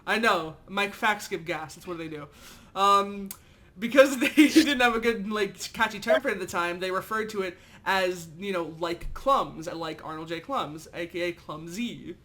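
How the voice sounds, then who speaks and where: A man's voice: high-pitched, moderate pace, pushed and bright. A man co-hosting a casual fan podcast, rambling and giggly with many fillers. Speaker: podcast co-host.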